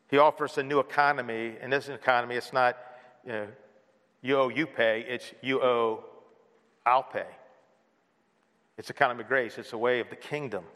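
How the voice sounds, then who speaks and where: Man preaching with bright hall echo. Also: medium pitch. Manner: earnest preaching, many rhetorical questions. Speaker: pastor. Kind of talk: sermon. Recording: long hall reverb.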